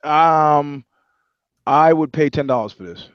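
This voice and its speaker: A man's voice: a little high, slow, smooth, no room sound, highs cut off. A man co-hosting a casual podcast, telling stories animatedly and swearing freely. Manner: animated storyteller, swears a lot. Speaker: podcast co-host. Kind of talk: casual profane chat.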